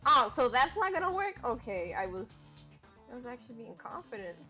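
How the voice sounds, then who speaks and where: A woman's voice: fairly high pitch, sing-song, fairly quick, sharp tone, faint music behind. Giggly, swearing woman streamer. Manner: giggly, swears freely, riffs on jokes. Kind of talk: casual gameplay commentary.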